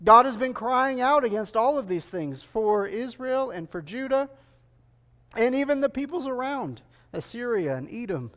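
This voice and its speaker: A man's voice: extremely high pitch, animated, normal speed, a bit bright. A male preacher giving a sermon, earnest and emphatic, repeating key phrases and putting rhetorical questions to the congregation.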